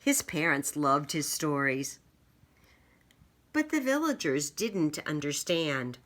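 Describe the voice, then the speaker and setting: A woman reads a picture book aloud, slow and lively in pitch. Her voice sits low, yet its tone is bright. She acts out sound effects as she goes. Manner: expressive, with spoken sound effects. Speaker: storybook reader.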